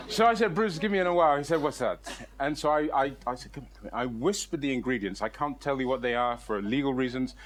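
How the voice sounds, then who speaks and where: A middle-aged man spins a comic tale on stage with a somewhat high voice. He talks in an animated, exaggerated way, laughing through his own lines as he goes. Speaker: storyteller. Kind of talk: comic live storytelling. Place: storytelling stage.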